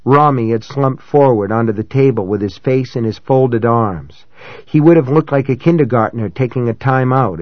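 A man reading a novel aloud in first person, in a measured, dramatic way that rises for shouted dialogue. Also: mid-range voice, no echo, muffled recording. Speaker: audiobook narrator. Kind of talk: scripted first-person narration.

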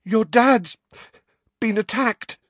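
A man's voice: sits high, big pitch swings, a little slow, a bit bright, slightly rough, no echo, pitched above the performer's own voice, exaggerated voice. A man doing Harry Potter, frantic teen boy. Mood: panting, urgent. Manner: panting, urgent and insistent. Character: frantic teenage boy wizard in pain.

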